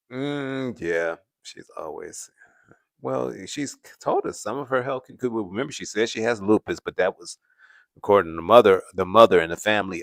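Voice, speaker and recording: A man's voice: on the low side, gravelly, a bit bright, dry recording, clean studio sound. A man hosting a live stream, chatting casually with viewers, laughing often as he answers the chat. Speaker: livestream host.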